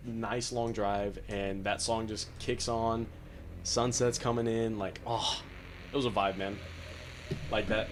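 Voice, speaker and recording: A man's voice: fairly low pitch, slight background noise. A man from California streaming a game, chatting casually in a laid-back, slangy, enthusiastic way. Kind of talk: casual chat while gaming.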